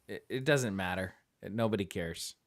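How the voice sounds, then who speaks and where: A man co-hosting a casual movie chat, animated and joking, acting out lines from scenes. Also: lowish voice, normal speed. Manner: animated, acts out quotes in funny voices. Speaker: podcast co-host.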